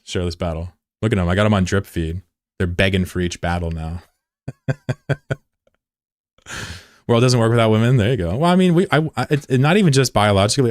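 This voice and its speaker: A man streaming live, chatting bluntly and profanely with viewers, swinging between loud outbursts and low mutters. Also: a little fast, no room sound, studio quality. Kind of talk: casual live-stream chat.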